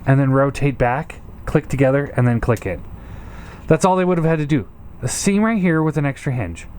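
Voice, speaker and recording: A man's voice: a little high, fairly quick, darkish tone, a little hiss or hum. A man giving a casual hands-on toy review, frustrated and swearing, often stammering and repeating himself.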